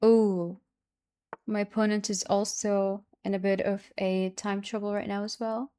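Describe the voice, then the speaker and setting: A young woman streams chess, anxiously thinking out loud before reviewing the game in a chatty way. Her mid-range voice is clear and resonant at a measured pace. Under stress she repeats herself, and she breaks into loud, excited cries.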